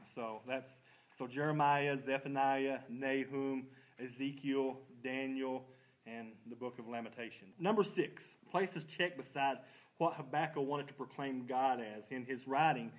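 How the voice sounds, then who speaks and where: A man's voice: medium pitch, normal speed, low-quality recording. A man leading a church Bible study, folksy and self-deprecating, quizzing the class and answering his own questions.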